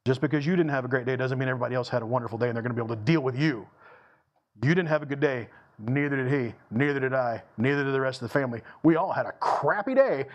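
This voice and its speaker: A man preaching a sermon to his church, emphatic and repetitive, moving between slow, deliberate lines and quick bursts. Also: mid-range voice. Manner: emphatic, repeats phrases for stress, shifts between slow and fast delivery. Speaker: pastor. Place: church sanctuary.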